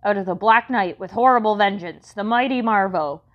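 A woman voicing a wild little girl who shouts loudly and eagerly in an audiobook. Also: mid-range voice, moderate pace, muffled recording, close to an everyday voice. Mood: excited.

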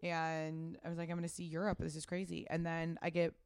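A woman's voice: low-pitched, completely flat delivery, fairly quick, a little mellow, clear, resonant tone, no room sound, studio quality. A woman in her thirties from the United States, a fashion brand founder, talking casually in an interview, rambling with many fillers and the odd swear word.

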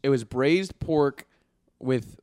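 A man's voice: medium pitch, slow pace, darkish tone, dry recording, clean studio sound. A young man chatting casually among friends, loose and profane with lots of fillers. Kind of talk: casual chat.

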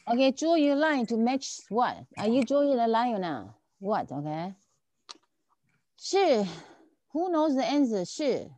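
A woman's voice: on the high side, very animated, unhurried, warm tone, dry recording. A woman teaching a language lesson, patiently repeating and checking that her students follow. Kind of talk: online tutoring lesson.

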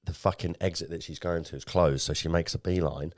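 Young bloke, very deep, animated storyteller, dry close mic. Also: male voice, a little fast, dry recording. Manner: animated storytelling, swears often. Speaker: podcast co-host. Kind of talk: casual chat.

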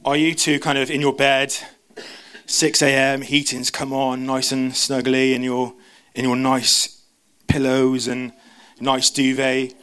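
Man, church preacher, rapid stumbling delivery, casual asides. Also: medium pitch, completely flat delivery, a bit bright, clear, resonant tone. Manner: fast, stumbling, self-interrupting. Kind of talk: sermon.

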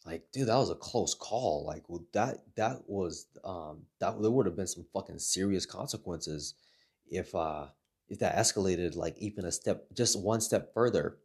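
In a casual chat, a man tells rambling stories, swearing heavily and laughing his way through them. His husky voice sits low with a darkish tone at a moderate pace.

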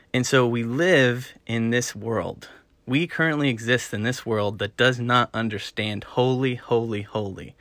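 Bright-voiced earnest male preacher. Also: on the low side, no echo. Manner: earnest, repetitive emphasis, rising to loud stresses. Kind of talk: sermon-style teaching.

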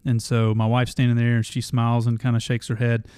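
A man's voice: medium pitch, monotone, a little fast, a little mellow, smooth, no room sound, clean studio sound. A man in his thirties hosting a motivational podcast, telling a family story in an earnest way that grows passionate. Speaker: podcast host.

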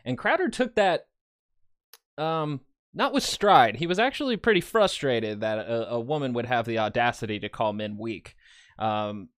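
A man's voice: mid-range voice, animated, moderate pace. A man giving sarcastic reaction commentary, laughing now and then. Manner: sarcastic, chuckling. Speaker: commentary host.

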